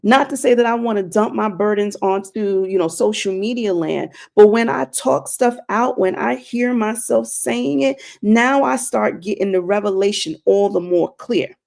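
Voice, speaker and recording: A woman's voice: mid-range voice, moderate pace, creaky, few pauses, darkish tone. A woman streaming a faith-based talk to her viewers, earnest and preachy, repeating herself for emphasis. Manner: addresses viewers directly. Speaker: inspirational streamer.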